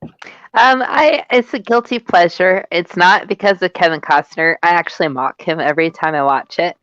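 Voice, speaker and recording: A woman chatting casually on a podcast, lively and joking, with lots of fillers. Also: lowish voice, moderate pace, no room sound, muffled recording. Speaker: podcast host. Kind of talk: casual chat.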